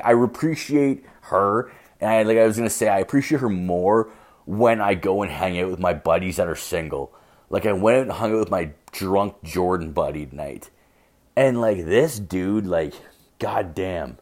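A man's voice: on the low side, darkish tone. A young man podcasting alone, telling rambling stories with constant swearing and filler words. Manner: profane, filler-heavy, storytelling. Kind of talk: casual rambling monologue.

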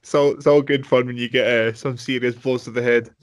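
Casting: man, mid-pitched, rambling podcast talker who chuckles often. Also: level tone, brisk. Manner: rambling with many fillers, laughing easily. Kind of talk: casual chat.

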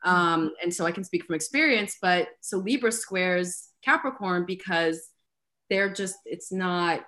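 A woman with a somewhat low voice talks through astrology in a relaxed podcast chat. She is earnest and explanatory, and her talk is dotted with likes and ums. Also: a little slow. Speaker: astrologer guest.

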